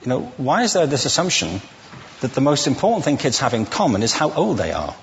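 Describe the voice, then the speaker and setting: A man's voice: mid-range voice, big pitch swings, brisk, long reverb tail, slight background noise. A man giving a witty, conversational lecture to a live audience, asking the listeners questions as he goes. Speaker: public speaker.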